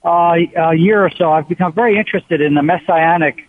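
A man's voice: on the high side, dry recording. Man in his sixties on a phone line. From United States. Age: 60s. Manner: earnest, halting with many pauses. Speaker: radio caller. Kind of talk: call-in question.

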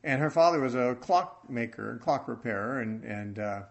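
A man teaching from the Bible in an earnest sermon, speaking haltingly and restarting his phrases often. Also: medium pitch, animated, gravelly. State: choked up with emotion.

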